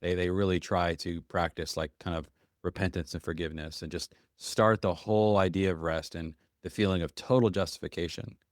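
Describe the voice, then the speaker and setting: Deep-voiced earnest male podcast host. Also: steady tone, fairly quick, no echo, studio quality. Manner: earnest, reflective, many fillers. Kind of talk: casual faith-based conversation.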